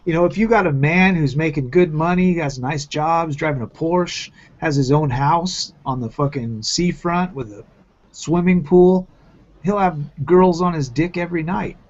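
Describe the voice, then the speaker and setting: A man's voice: fairly high pitch, normal speed. Blunt profane man on a muffled call. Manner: blunt, profane, rambling with restarts. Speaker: round-table host. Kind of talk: crude casual group chat. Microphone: video call.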